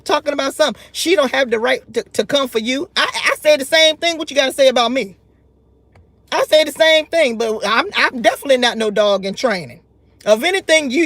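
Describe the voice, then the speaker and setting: A woman's voice: high voice, no echo. A woman delivering a heated, scolding commentary rant, often repeating and restarting her words. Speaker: YouTube commentary host.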